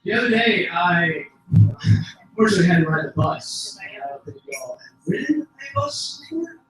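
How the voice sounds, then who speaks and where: A young man tells rambling stand-up stories at an open mic, now and then erupting into shouts and laughing at his own jokes. His voice sits high and sharp. It was recorded from far off in a very echoey venue. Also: sing-song, normal speed. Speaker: stand-up comedian. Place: small comedy venue.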